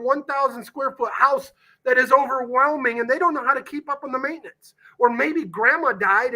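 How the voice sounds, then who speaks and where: A man's voice: extremely high pitch, sharp tone. A man being interviewed on a podcast, talking passionately and emphatically about real estate deals, with a salesman's punch and the odd casual swear. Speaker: guest, real estate investor.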